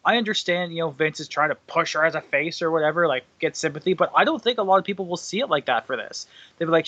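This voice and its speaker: Bright-voiced sarcastic young man. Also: fairly high pitch, lively intonation, quick pace, no echo, muffled recording. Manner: sarcastic, blunt. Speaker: wrestling podcast co-host. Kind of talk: casual review chat.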